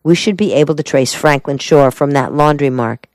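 A shrewd male lawyer, as a woman narrator reads him lays out facts briskly and calmly. The voice is low and the sound dry. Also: no echo, lightly acted. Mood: matter-of-fact.

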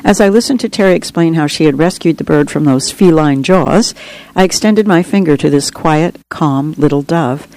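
A woman's voice: deep voice, normal speed, darkish tone, low-quality recording. A woman author reading her own book aloud in an earnest, reflective first-person storytelling manner. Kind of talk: audiobook reading.

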